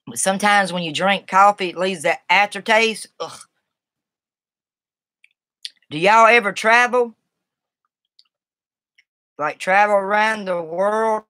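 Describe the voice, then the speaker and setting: A woman's voice: mid-range voice, measured pace, pauses often, bright, forceful tone, no echo. Chatty Southern woman live-streaming. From Southern United States. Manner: rambling, folksy, reacts to chat. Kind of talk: casual live-stream chat.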